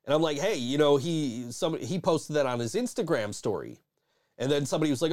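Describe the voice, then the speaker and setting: A man's voice: on the high side, lively intonation, fast, a little mellow. A man hosting a podcast in casual chat, swearing freely and rambling with many restarts. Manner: profane, rambling, frequent restarts and laughs. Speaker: podcast host.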